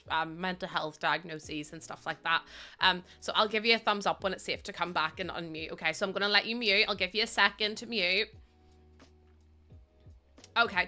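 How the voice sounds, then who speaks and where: Bright, clear-voiced young woman streamer. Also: a little high. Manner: chatty, giggly, thanks viewers by name. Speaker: game streamer. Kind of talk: casual live-stream chat.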